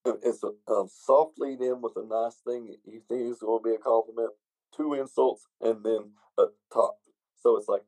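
A man's voice: medium pitch, steady tone, normal speed, a little mellow, no echo, rough recording. A man co-hosting a podcast in casual, joking chat, laughing often. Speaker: podcast co-host.

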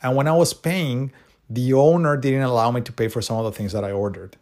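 A man's voice: medium pitch, steady tone, fairly quick, darkish tone. A man telling casual anecdotes to camera in a rambling way, with many restarts and asides. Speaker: vlogger.

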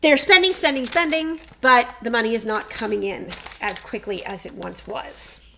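A woman hosting a casual chat, telling a story in an animated way and reading quotes aloud playfully. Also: a little high, normal speed, creaky, a little hiss or hum. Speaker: podcast host.

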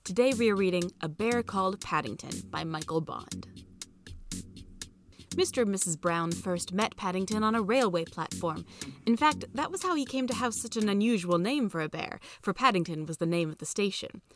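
A woman hosting and reading a children's storybook aloud in steady scripted narration. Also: mid-range voice, moderate pace, music in the background. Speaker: podcast reader.

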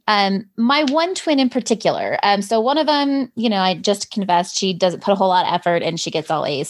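A woman in her forties hosting a casual chat, talking in a chatty, confessional way and laughing easily. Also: mid-range voice.

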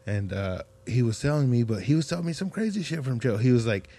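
A man's voice: mid-range voice, expressive, quick pace, dark tone. A man hosting a podcast in casual chat, a slangy, profane storyteller who acts out the people he quotes. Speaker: podcast host.

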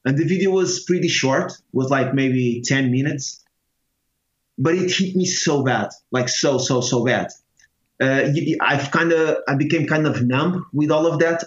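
A man from Portugal with a Portuguese accent, telling a personal story in casual talk, halting with many restarts and fillers. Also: medium pitch. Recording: echoey, muffled room sound.

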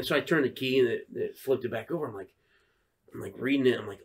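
A man in his thirties, a podcast co-host, telling an animated, swear-filled story in casual chat and acting out the quotes. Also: on the high side, fast, background noise.

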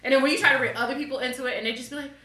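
A woman's voice: sits high, fairly even intonation, rapid-fire, roomy sound, a crowd in the background. A woman hosting a casual group chat, teasing and laughing as she talks. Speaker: podcast host.

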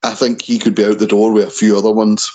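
A man's voice: fairly low pitch, flat delivery, quick pace, mellow, low-quality recording. A man co-hosting a wrestling chat show in a casual way, often stumbling and restarting over names. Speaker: wrestling podcast co-host.

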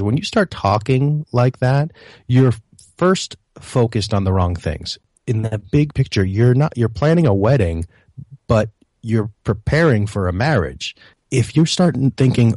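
A man's voice: on the low side, mellow, no room sound, clean studio sound. A man speaking as an interview guest, earnest and advising, often repeating words as he thinks. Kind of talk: casual interview chat.

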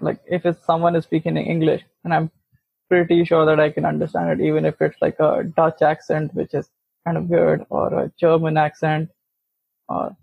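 A man co-hosting a casual chat, making blunt, wry remarks at an unhurried pace. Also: a little high, vocal fry, breathy edge, no echo. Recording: phone-like dry recording.

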